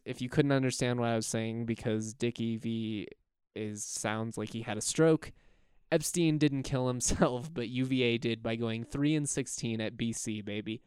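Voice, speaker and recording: A man's voice: mid-range voice, fairly even intonation, moderate pace, darkish tone, clear, resonant tone, no room sound, studio quality. A young man hosting a casual college basketball podcast, rambling and chuckling as he talks. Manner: rambling, chuckling, self-correcting. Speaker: podcast host. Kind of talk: casual sports podcast talk.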